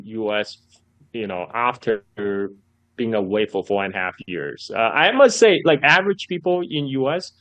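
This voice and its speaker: A man as a guest on a casual podcast conversation, telling stories in an animated way, laughing often and repeating his words as he goes. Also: medium pitch, no echo. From China. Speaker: guest commentator.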